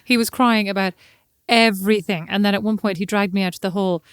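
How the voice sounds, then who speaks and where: A woman's voice: mid-range voice, steady tone, brisk, smooth, dry recording. A woman co-hosting a podcast in casual chat, dry and sardonic, swearing casually. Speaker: podcast co-host.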